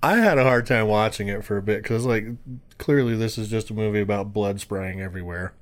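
A man telling a story to friends in an animated way, laughing and swearing often. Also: fairly low pitch, a little fast. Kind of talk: casual storytelling.

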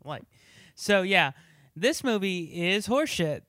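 A man's voice: high-pitched, big pitch swings, measured pace, sharp tone, no room sound, clean studio sound. A man co-hosting a casual movie review, chatty and digressive, full of trivia. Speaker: podcast co-host.

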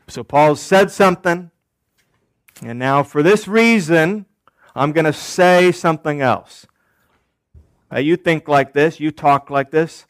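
Slow, deliberate preaching man. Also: a little high, no room sound. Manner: deliberate, repeats key phrases, asks rhetorical questions. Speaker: pastor. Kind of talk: sermon.

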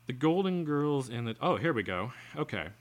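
A man's voice: mid-range voice, big pitch swings, moderate pace. A man co-hosting a podcast, reading an article aloud and breaking off into sarcastic, exasperated asides. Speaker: podcast co-host.

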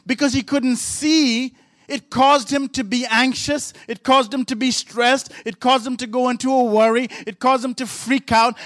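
A man's voice: very high-pitched, a bit bright, no echo. A man pastor preaching a sermon with emphatic, repetitive rhythmic phrasing.

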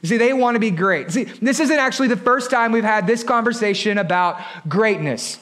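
A man in his thirties preaching a sermon as pastor, moving from quiet, low stretches up to shouted points. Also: normal speed. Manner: builds from quiet to shouted emphasis.

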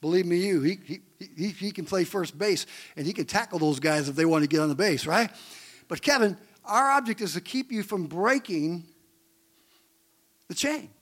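A male pastor from the US Great Lakes region preaches a sermon in church, his high-sitting voice moving at a normal speed. He's an animated storyteller who asks the congregation questions.

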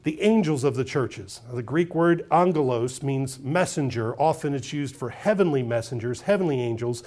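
A man preaching a sermon on scripture, building from steady teaching to loud emphatic peaks, repeating words as he restarts. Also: medium pitch, normal speed.

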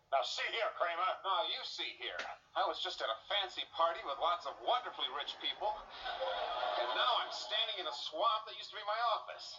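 A man's voice: a little high, pushed and bright, a little hiss or hum. An actor playing a pompous, wealthy middle-aged businessman father in a sitcom, talking in a blustery, indignant way. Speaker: sitcom character. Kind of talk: 1980s sitcom acting. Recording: dull, distant 1980s TV sitcom audio.

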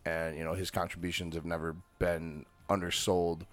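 A man's voice: low-pitched, little pitch movement, moderate pace. A man from the United States hosting a podcast, talking in loose, profane, casual banter. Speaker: podcast host.

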